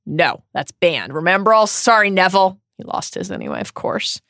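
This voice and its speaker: A woman with a lower-pitched voice recaps a story with animated, swooping delivery. She reads her script playfully and slips into quoted lines with expression. The sound is close and dry, with no room around it. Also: moderate pace, hardly any pauses, no echo. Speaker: podcast co-host.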